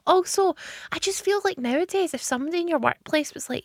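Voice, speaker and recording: A woman's voice: very high-pitched, dry recording, clean studio sound. A woman co-hosting a radio show, reading out listener texts and laughing often. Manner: giggly, quick to laugh. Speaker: radio co-host.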